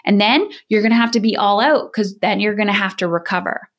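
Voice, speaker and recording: A middle-aged woman speaking as a parenting coach in a podcast interview. She talks in a direct, energetic way and often acts out what other people say. Her voice sits at an ordinary middle pitch. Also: fairly quick. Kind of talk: candid podcast interview talk.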